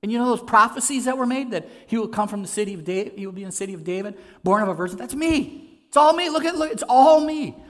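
A preacher playing an excited man who keeps pointing to himself, with eager, rising exclamations. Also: high-pitched, fast, in a large hall, voice pushed up.

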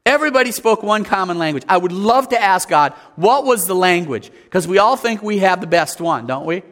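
Man preaching, animated, acts out little scenes, asks the listeners questions, fairly high voice. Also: a little fast. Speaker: pastor. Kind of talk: sermon.

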